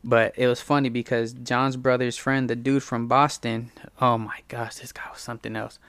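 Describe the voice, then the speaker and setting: Dude rambling thru a story, cussing, slangy, smooth clear voice, dry sound. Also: male voice, mid-range voice, little pitch movement, normal speed, a bit bright, no room sound. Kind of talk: casual storytelling.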